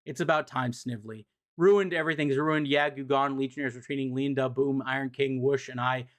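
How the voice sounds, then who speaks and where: A man voicing a scheming middle-aged male mad scientist villain who taunts in quick, sneering bursts during a comic recap. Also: mid-range voice, steady tone, close to an everyday voice. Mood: panicked. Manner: sneering, taunting, rapid-fire. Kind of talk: comic recap with voiced characters.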